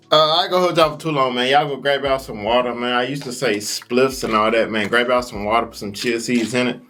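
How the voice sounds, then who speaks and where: A man from Birmingham, Alabama, hosting a casual reaction video in relaxed slangy banter. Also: mid-range voice, a little fast, faint music behind. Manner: laid-back slangy banter. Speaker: reaction host.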